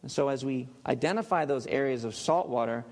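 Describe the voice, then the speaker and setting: A male pastor preaching a sermon in a church, emphatic and dropping to a hush on key words. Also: medium pitch, brisk. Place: church sanctuary. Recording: long hall reverb.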